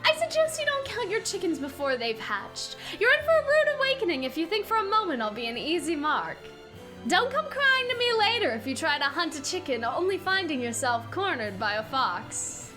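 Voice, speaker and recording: A woman's voice: very high voice, big pitch swings, normal speed, music in the background. A woman voicing a strict young male perfectionist, giving orders in a stern, instructive manner.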